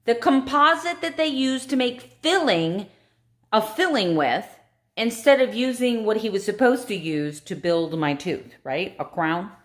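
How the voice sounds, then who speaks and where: A woman's voice: on the high side, animated, measured pace. A middle-aged American woman vlogger chatting casually to camera in an emotional, confiding way. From United States.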